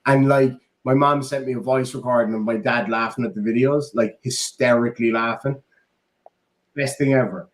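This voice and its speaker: A man's voice: medium pitch, fairly even intonation, normal speed. Sweary Irish man in a roomy room. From Ireland. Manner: heartfelt, sweary storytelling. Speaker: podcast co-host. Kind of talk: casual chat. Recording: roomy echo.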